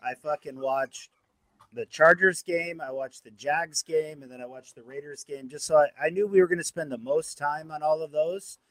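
A man co-hosting a sports podcast, telling stories in a loose, profane, animated way. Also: fairly high pitch, normal speed, no room sound, poor audio. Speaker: podcast co-host. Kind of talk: casual sports chat.

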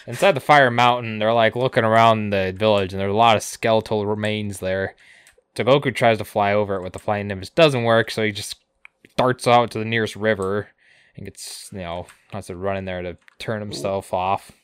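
A man casually recapping cartoon episodes on a podcast, tossing in quick put-on quotes of the characters. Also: fairly low pitch, fairly even intonation, fairly bright tone, clean tone, no room sound. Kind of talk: casual chat.

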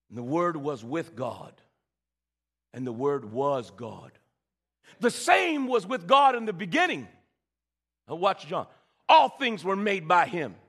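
Male pastor, high, sharp, animated preaching voice, stammering repeats, recorded in a church with a long echo. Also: slightly rough. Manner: preaching with frequent stammered repeats and call-and-response. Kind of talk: sermon. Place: church sanctuary. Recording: reverberant church hall.

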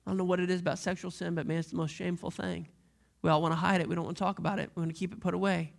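A man's voice: high-pitched, little pitch movement, rapid-fire, vocal fry. A man preaching a sermon as lead pastor, earnest and direct with his listeners.

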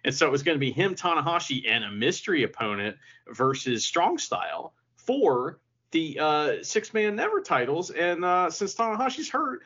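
A man co-hosting a podcast in casual chat, joking and excitable, with frequent profanity. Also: a little high, moderate pace, slightly rough. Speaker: podcast co-host. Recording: muffled lo-fi podcast audio.

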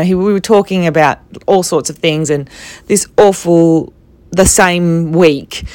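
A woman's voice: on the low side, no room sound. A young Australian woman telling travel stories in a chatty, casual way. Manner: chatty, animated when quoting others, soft when serious. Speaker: travel vlogger. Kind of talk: casual storytelling.

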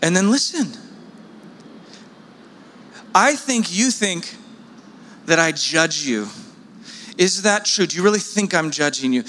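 A man preaching a sermon as pastor, earnest and pleading, his voice jumping up in pitch when he presses a point. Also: animated, slow pace, long pauses, sharp tone, big-room sound, a little hiss or hum.

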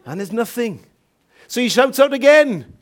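A man preaching a sermon as pastor in a church, telling stories lively and asking rhetorical questions. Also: very high voice, measured pace, heavy background noise.

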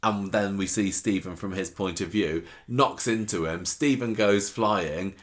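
British man, low voice, casual podcast recap, chatty and jokey. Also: a little slow. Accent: British English. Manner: chatty, jokey, retells scenes with quoted voices. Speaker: podcast co-host.

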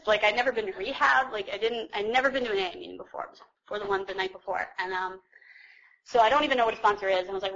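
At a recovery meeting, a young woman shares her personal story with the group, chatty and self-mocking and full of fillers. Her mid-range voice is a bit bright and moves at a quick pace, though the recording is muffled.

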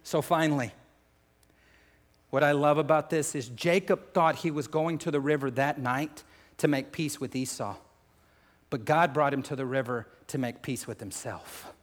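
A man preaching a sermon, emotional, shifting between loud urgency and hushed confession, talking to the crowd as folks and family. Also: on the high side. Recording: long hall reverb.

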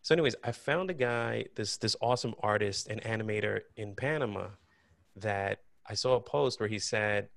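A man with a low, gravelly voice recounts how he got into acting and animation. He tells his stories in a lively, expressive way, and his voice sits close and dry. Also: normal speed, no room sound. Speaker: actor and cartoon creator. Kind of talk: casual interview.

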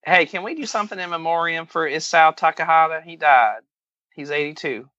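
A man's voice: on the high side, fairly quick, pushed and bright, no echo. Joking man in a folksy drawl. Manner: jokey folksy rural drawl put on as a bit. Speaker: podcast host. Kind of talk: comedic podcast banter. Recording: dull lo-fi podcast audio.

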